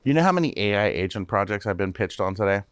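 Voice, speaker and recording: Low-voiced energetic man talking tech. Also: fast talker, clear, resonant tone, no room sound. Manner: energetic, repeats words, addresses listeners directly. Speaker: guest, tech company CEO. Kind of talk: casual podcast interview.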